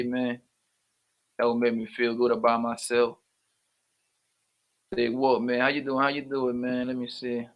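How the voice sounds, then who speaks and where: Hosting a casual livestream, a man reads out viewers' names, greets them and teases them with loose, slangy banter. His voice is medium-pitched, gravelly, pushed and bright.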